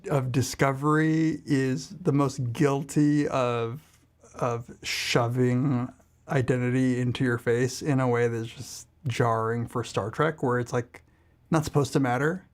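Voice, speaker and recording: A man's voice: medium pitch, steady tone, measured pace. A man in casual podcast chat, making wry, opinionated asides. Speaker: podcast co-host or guest.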